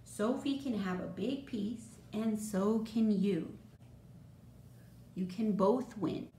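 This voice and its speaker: A woman voicing a gentle, patient mother in a storybook, speaking softly and reassuringly. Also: mid-range voice, slow. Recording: roomy echo, faint noise.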